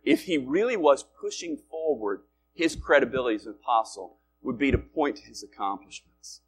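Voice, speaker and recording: Man preaching with big swings in loudness. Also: mid-range voice, a little hiss or hum. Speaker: pastor. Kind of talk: sermon.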